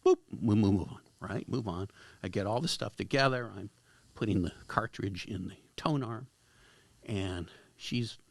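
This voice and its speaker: A man, a screenwriter guest, telling anecdotes in a casual, animated way in a studio. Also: on the low side, normal speed, creaky, dry recording. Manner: animated, acts out dialogue with lively shifts. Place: podcast studio.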